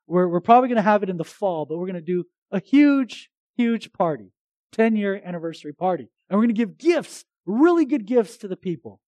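High-voiced pastor preaching conversationally. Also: male voice, brisk, dry recording. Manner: conversational, animated preaching with restarts. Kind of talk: sermon.

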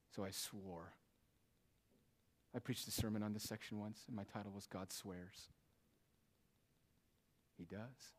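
A man preaching a sermon, asking rhetorical questions and dropping in casual asides as he explains the text. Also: fairly low pitch. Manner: emphatic, rhetorical questions, shifts between loud and hushed delivery.

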